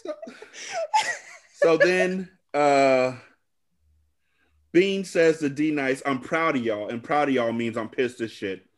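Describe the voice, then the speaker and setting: A man's voice: fairly high pitch, slow pace, long pauses. A man on a podcast casually recapping a bad movie, rambling, cursing and joking. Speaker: podcast host.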